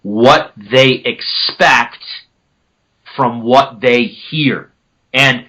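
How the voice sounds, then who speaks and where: A man's voice: mid-range voice, drawn-out words, bright, forceful tone, rough recording. A man casually explaining turkey calls on a podcast, now and then mimicking yelps with his own voice. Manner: conversational, self-correcting.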